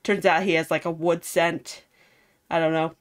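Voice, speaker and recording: A woman's voice: low-pitched, flat delivery, moderate pace. A woman casually recapping a video game story, chatty and rambling. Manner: chatty, rambling, lots of fillers. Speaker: game streamer.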